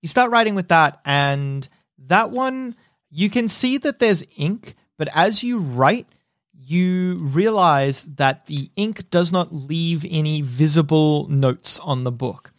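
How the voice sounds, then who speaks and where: A man narrating as game master in a relaxed, descriptive way with halting restarts. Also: a little high, dry recording, clean studio sound.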